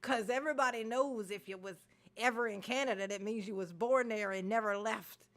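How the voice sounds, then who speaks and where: A woman's voice: fairly high pitch, a little fast, fairly bright tone. A woman from Maryland hosting a reaction video, ranting animatedly with swearing and laughter. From Maryland, USA. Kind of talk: casual reaction commentary.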